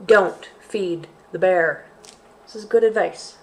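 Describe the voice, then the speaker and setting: A woman hosting a library storytime for children, reading a picture book aloud in an expressive, sing-song way. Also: fairly low pitch, slow pace.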